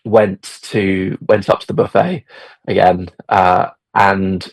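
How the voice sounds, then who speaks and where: A man's voice: deep voice, level tone, slow pace, creaky, no room sound. A middle-aged man telling a story as a podcast guest, hesitant, with many fillers and restarts. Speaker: podcast guest, football fan. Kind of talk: casual storytelling.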